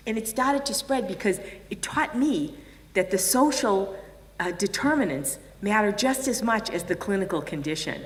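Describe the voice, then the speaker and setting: A woman's voice: medium pitch, moderate pace. An older woman from the United States giving a conference keynote, telling stories and acting out the voices of the people in them. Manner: animated storyteller acting out quoted voices. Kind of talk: storytelling keynote talk. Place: large conference hall. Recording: distant mic in a reverberant hall.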